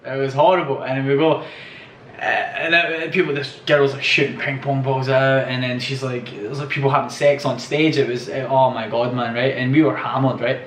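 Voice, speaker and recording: A young travel vlogger rambles through his travel stories, swearing and laughing as he goes. His medium-pitched voice is steady, slightly fast and fairly bright, recorded with roomy echo from a distance and a little hiss or hum.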